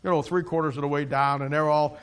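A male preacher giving a sermon, reading scripture slowly and then retelling it in a folksy, animated way. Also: on the high side, clear, resonant tone. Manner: reads scripture in slow, solemn tone.

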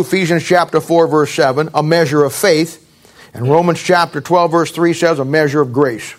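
Man, middle-aged, high-pitched, pastor, blunt folksy sermon, sarcastic. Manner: folksy, blunt preaching with sarcastic asides and mimicked voices.

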